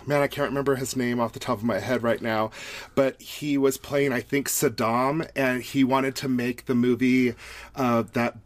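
A man's voice: mid-range voice, fairly even intonation, normal speed, no echo. A man co-hosting a casual podcast chat, playful and jokey, often trailing off mid-thought. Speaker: podcast co-host.

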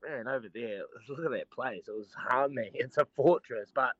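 A man's voice: mid-range voice, moderate pace, no room sound, highs cut off. A man, co-hosting a casual sports chat and telling stories with lots of laughter. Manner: animated storyteller, laughs often. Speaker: co-host, former rugby player. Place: on holiday, joining remotely.

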